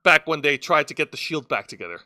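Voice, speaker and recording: A man with a bright, slightly higher voice recaps wrestling shows in loose podcast chat. He rambles, trips over words and restarts lines. The sound is dry and close to the mic. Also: sing-song, fast talker, dry recording. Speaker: wrestling show co-host.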